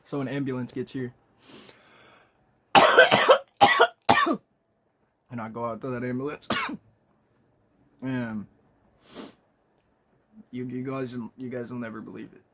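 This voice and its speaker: A young man telling a comedic story in a casual, rambling way, swearing often and clearing his throat and coughing. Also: mid-range voice, big pitch swings, slow pace, long pauses, bright, forceful tone, a little hiss or hum.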